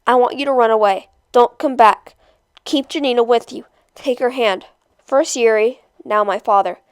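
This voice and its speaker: A woman reading aloud as a desperate, grieving father who urges the children in a low, pleading voice. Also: moderate pace, smooth, no room sound, natural voice. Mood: urgent.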